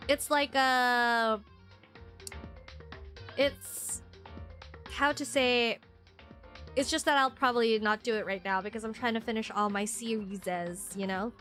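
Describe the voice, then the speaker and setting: A woman's voice: a little high, slow, long pauses, a bit bright, soft background music. A woman streamer in casual live-stream chat, rambling and chatty with lots of fillers and frequent laughs.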